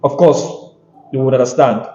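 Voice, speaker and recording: A man hosting a podcast, chatting casually and interjecting in a lively way. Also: mid-range voice, normal speed. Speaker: podcast host. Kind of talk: casual chat. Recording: dull echoey room sound.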